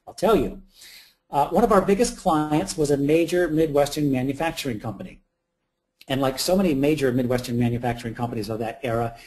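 A man's voice: medium pitch, a little mellow. A man working as a communications consultant gives a wry, anecdotal storytelling presentation in a drab, windowless meeting room. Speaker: communications consultant giving a talk.

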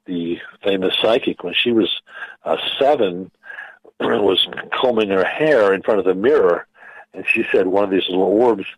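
Low-voiced man explaining with many pauses. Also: slightly rough, no echo, muffled recording. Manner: measured, halting, many fillers and restarts. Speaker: guest physicist. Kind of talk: radio interview explanation.

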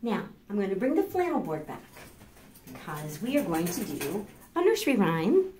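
A woman children's librarian leading a storytime, animated and sing-song, talking encouragingly to young kids and their grown-ups. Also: mid-range voice, moderate pace, a little hiss or hum. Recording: roomy room echo.

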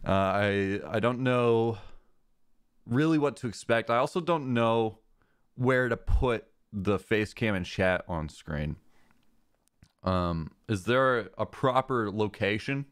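Deadpan rambling young man streamer. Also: on the low side, slow pace, clean tone. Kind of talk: casual gameplay chat.

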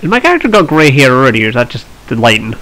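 A man's voice: mid-range voice, sing-song, racing, sharp tone, poor audio. A man hosting a strategy game let's play, chatting and thinking aloud with wry asides. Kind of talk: strategy gameplay commentary.

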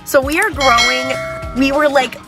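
A bubbly young woman talks straight to her viewers in an eager, chatty rush. Her voice sits a little high, and music plays clearly underneath her. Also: fairly even intonation, normal speed. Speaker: vlogger host. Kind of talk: casual talk to camera. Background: background music.

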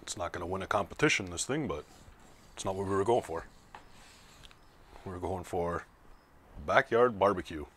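A man's voice: sits low, animated, normal speed, long pauses, a bit bright, slight background noise. A man hosting his own barbecue video, chatting casually while slicing and tasting. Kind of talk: casual cooking vlog narration.

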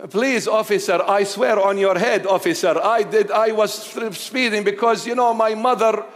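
Man as a young speeder pleading with an officer, pitched high, echoing hall. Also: moderate pace, close to an everyday voice. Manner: begging, flattering. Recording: long church reverb.

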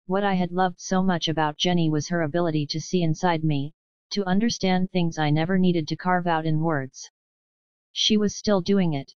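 A woman narrating a novel as an audiobook in an even, measured first-person reading. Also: on the low side, clear, resonant tone, no room sound, dull audio.

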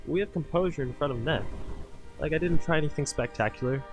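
A man's voice: on the high side, fast talker, over music. A man giving live commentary over his own soccer video game match as a channel host, cheering on his players and talking to his viewers as "boys".

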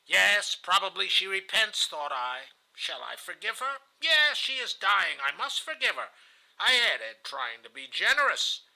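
A man's voice: high-pitched, very animated, unhurried, creaky, sharp tone, poor audio. A man reading a novel aloud in the first person, earnest and confessional. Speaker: audiobook reader.

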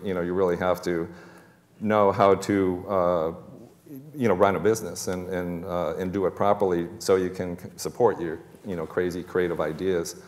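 A man in his fifties with a Boston accent tells his story as a panel guest, wandering from point to point with plenty of ums and restarts. His voice sits very low. A long hall reverb trails behind every phrase. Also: a little mellow. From Boston area. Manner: rambling, many fillers and restarts, chuckles between thoughts.

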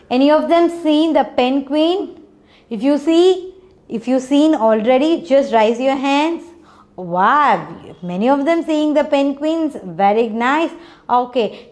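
A young woman with an Indian English accent teaching phonics to small children, patient and encouraging, breaking into short sing-song chants. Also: sits high.

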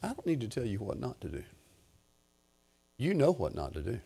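An older man, preaching a sermon through a lively personal story, swinging from low murmurs to loud excited bursts. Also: normal speed, gravelly, husky. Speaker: pastor.

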